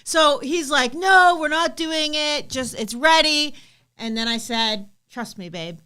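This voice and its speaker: A woman's voice: sits high, a little slow, bright, forceful tone. A woman co-hosting a casual live stream, chatty and teasing. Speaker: co-host.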